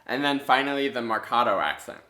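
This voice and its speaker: A man teaching music in an instructional video, explaining step by step in a clear, methodical way. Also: mid-range voice, fairly quick. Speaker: clarinet teacher. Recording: echoey room.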